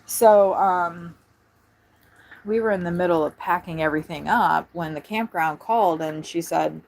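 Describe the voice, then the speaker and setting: A woman live-streaming from inside her RV on a phone propped on a tripod, chatting quickly and jumping from one thing to the next. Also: lowish voice, gravelly. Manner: fast, scattered, excitable chatter. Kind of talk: casual live-stream chat. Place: inside an RV at a campground.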